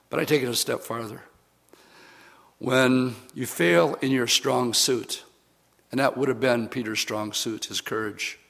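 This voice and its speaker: A man's voice: medium pitch, gravelly, fairly bright tone. A man preaching a sermon, retelling scripture in a conversational, storytelling way with casual fillers.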